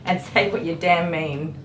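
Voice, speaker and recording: A middle-aged woman who works as a dog groomer and chats casually while she works. She is dry and sarcastic, laughs often, and gently scolds the dog on the table. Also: fairly low pitch, slow pace. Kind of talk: casual chat while working. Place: grooming salon indoors. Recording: echoey room with clipper noise. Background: electric clippers buzzing.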